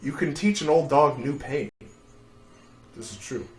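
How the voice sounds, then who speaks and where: A man's voice: on the high side, a little slow. Young man streaming, crude rambling jokes. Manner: rambling, crude, profane storytelling with dark jokes. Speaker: livestream host. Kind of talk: casual livestream chat.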